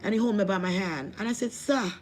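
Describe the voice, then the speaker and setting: A woman's voice: medium pitch, quick pace, a little mellow, slight background noise. A woman with a Jamaican accent telling a personal testimony, emotional and repetitive, with religious appeals. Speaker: vlogger.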